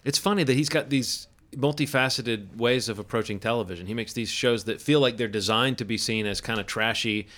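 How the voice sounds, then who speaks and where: A man's voice: medium pitch, brisk, few pauses. A man hosting a podcast, talking casually and joking about a lost recording. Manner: relaxed, rambling, joking. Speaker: podcast host. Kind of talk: casual chat.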